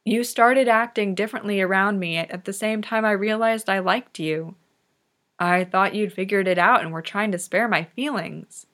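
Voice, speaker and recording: A woman's voice: medium pitch, moderate pace, a bit bright, close to an everyday voice. Woman reading as a tearful, pleading young man. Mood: defensive.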